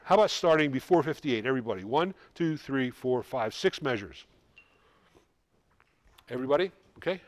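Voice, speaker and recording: A man coaching a high school band in rehearsal, giving quick instructions and singing rhythms to show how they go. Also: expressive. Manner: brisk, sings rhythms to demonstrate. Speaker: band clinician. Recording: music in the background. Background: band playing.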